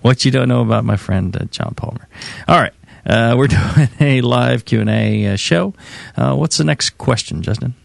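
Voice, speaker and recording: A man's voice: medium pitch, vocal fry, no echo. Man talking loosely with lots of fillers. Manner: relaxed, halting with many fillers. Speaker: co-host. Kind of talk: casual chat.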